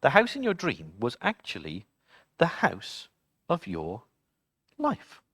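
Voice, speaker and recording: A man voicing a wise, calm mother in a children's story, speaking in a soothing tone. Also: medium pitch, slow, husky, no echo, studio quality, pitched below the performer's own voice, heavily acted. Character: wise calm mother, middle-aged woman.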